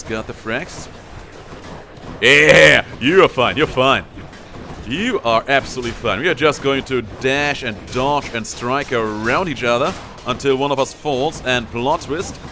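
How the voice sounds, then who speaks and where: A man's voice: mid-range voice, fairly bright tone, a little hiss or hum. Playful man narrating his gameplay. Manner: playful, taunts enemies aloud. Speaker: gameplay streamer. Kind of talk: casual gameplay commentary.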